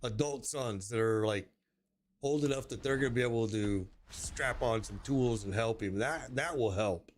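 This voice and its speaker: Streamer type, man in his sixties, easygoing gamer chat, mid-pitched, laughs a lot, clear background hiss on the recording. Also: moderate pace. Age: 60s. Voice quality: chuckling, storytelling, playful put-on voices for quotes. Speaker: game streamer. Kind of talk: casual chat while gaming.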